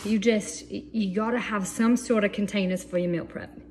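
A woman demos her favorite meal prep gadgets in a home kitchen, chatting and joking as she goes. Her voice sits at a middling pitch, and loud background noise runs under the recording. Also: steady tone, normal speed. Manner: chatty, enthusiastic, playful asides. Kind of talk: casual kitchen demo video.

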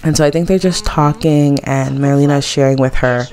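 A woman's voice: deep voice, fairly even intonation, brisk, mellow. A woman hosting a casual let's play, chatting gossipy commentary over her game and laughing often.

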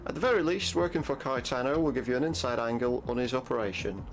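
A man's voice: medium pitch, fast, close to an everyday voice. A man voicing a scheming crime-ring boss, reading game dialogue aloud in a raised, put-on accent with a theatrical, conspiratorial manner.

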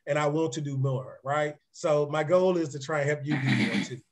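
A man with a raspy voice gives a live-streamed motivational business presentation, energetic and chatty, often checking in with his listeners. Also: on the high side, brisk. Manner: energetic, conversational, often asks "right?"; repeats words and restarts sentences. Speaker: real estate presenter.

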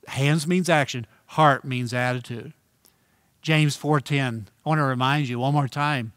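A man's voice: on the high side, fairly bright tone, no room sound. Earnest male pastor preaching, dry sound. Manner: earnest preaching with repeated phrases and slowed emphasis. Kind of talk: sermon.

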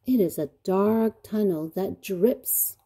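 A small, timid inchworm boy from a storybook, plaintive and fretful, as a woman reads him aloud. His voice is husky and mellow. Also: medium pitch, takes it slowly. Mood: worried.

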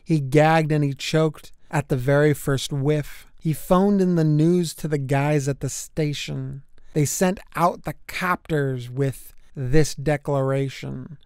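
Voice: mid-range voice, fairly even intonation, slow pace, darkish tone, smooth, no echo, clean studio sound. A reader narrating a rhyming children's picture book aloud, with a lilting rhythm and playful voices for the characters. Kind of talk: storybook read-aloud.

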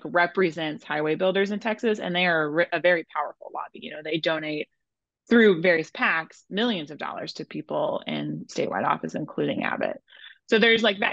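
A woman with a low voice and a gravelly fry talks through her reporting in an easy, conversational way, sprinkling in lots of "like". Her audio is dry, close and somewhat muffled. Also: fairly bright tone, dry recording. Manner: chatty, many "like" fillers. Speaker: journalist and author guest. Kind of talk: conversational podcast interview.

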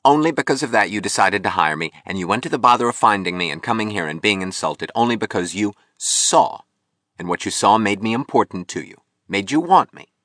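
A man's voice: fairly low pitch, sing-song, normal speed, long pauses, a bit bright, dry recording, clean studio sound, voice pushed up. A man reading an audiobook, voicing a bitter, broken young male sculptor who pleads and turns suspicious. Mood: pleading.

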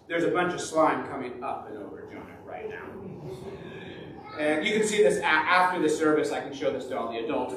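A man as pastor, telling a Bible story to children in an animated way and acting out its voices. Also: a little high, normal speed, a little hiss or hum. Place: church sanctuary. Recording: echoey church from far off.

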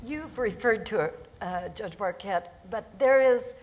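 A woman moderating a panel discussion, putting questions to the judges in a measured way. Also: mid-range voice, a little mellow.

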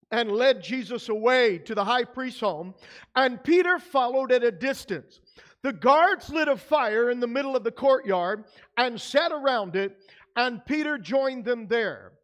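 Male pastor with a high-pitched voice, preaching conversationally in church. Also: fairly bright tone. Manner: conversational preaching with frequent fillers. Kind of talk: sermon. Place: church sanctuary.

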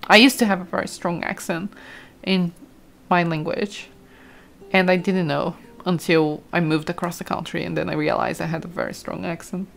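A woman's voice: fairly low pitch, fairly even intonation, vocal fry. Chatty woman streamer. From Brazil. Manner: chatty, quick to exclaim, reads chat aloud. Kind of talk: casual gameplay commentary.

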